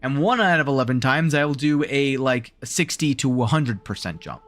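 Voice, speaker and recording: A man's voice: medium pitch, animated, normal speed, a bit bright. A man with a Southern drawl giving live gameplay commentary, thinking aloud in rambling self-talk, his voice wearing out. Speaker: streamer.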